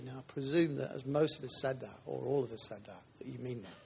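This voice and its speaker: A man's voice: mid-range voice, fast talker, creaky, few pauses. A man preaching a sermon in a church, chatty and informal, with asides to the congregation.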